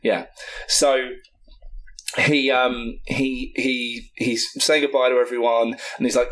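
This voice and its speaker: A man's voice: medium pitch, flat delivery, slow pace, fairly bright tone. Rambling, profane male podcast co-host. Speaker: podcast co-host pitching a film. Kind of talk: casual comedic storytelling.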